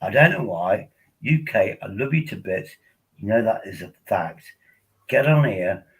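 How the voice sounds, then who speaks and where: Husky tipsy man hosting a live stream. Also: fairly low pitch, animated, unhurried, low-quality recording. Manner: rambling, coaxing viewers to join. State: tipsy from drinking. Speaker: livestream host. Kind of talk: casual live stream chat.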